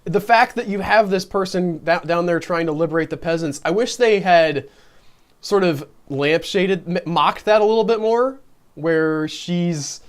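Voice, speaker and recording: High-voiced man in rambling review chat. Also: a little slow, clear, resonant tone. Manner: rambling, frequent restarts and laughter. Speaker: podcast co-host. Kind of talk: casual movie review chat.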